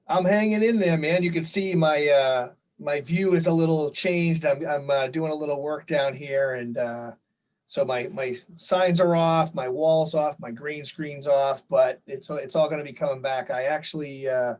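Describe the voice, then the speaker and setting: A man's voice: a little high, steady tone, normal speed, darkish tone, low-quality recording. A man telling a rambling story with lots of fillers as a guest on a video call chat. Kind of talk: casual chat.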